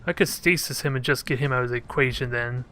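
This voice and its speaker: A man's voice: mid-range voice, fast talker, pushed and bright. A man commenting casually on his own strategy gameplay, thinking aloud and cracking joking asides at his units. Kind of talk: casual let's play commentary.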